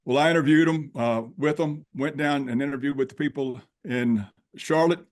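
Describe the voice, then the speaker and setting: A man's voice: medium pitch, normal speed. Folksy man in his sixties telling a story. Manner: animated storyteller who acts out dialogue; folksy, plain-spoken. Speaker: podcast guest. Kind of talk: personal storytelling.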